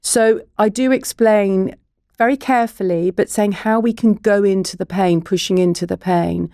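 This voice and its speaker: A woman's voice: mid-range voice, moderate pace, dark tone, no echo, clean studio sound. A middle-aged woman, a child therapist and broadcaster, explaining things earnestly as a guest in a podcast interview. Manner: earnest, explanatory, science-minded.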